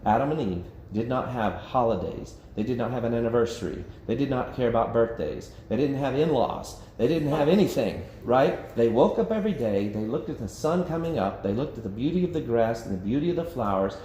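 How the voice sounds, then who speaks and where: A man's voice: medium pitch, expressive, brisk, few pauses, dark tone. A man leading a church Bible study in a casual, conversational way, acting out quotes and laughing often. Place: church meeting room. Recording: echoey room with faint background noise.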